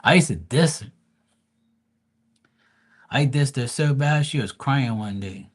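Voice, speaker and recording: A man talks in a loose, profane storytelling rant, mocking and blunt. He stumbles into restarts and repeats himself as he goes. His voice sits at an ordinary middle pitch for a man. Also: slow pace, slightly rough. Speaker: vlogger.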